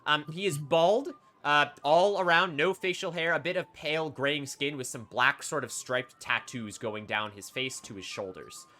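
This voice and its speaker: A man narrating a tabletop game as game master, in an animated, chatty way. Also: fairly high pitch, moderate pace, few pauses, soft background music.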